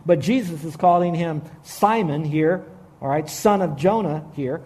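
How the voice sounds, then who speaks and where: A middle-aged man preaching a sermon, with emphatic, slow, stressed phrases and frequent restarts. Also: fairly high pitch, darkish tone. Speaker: pastor.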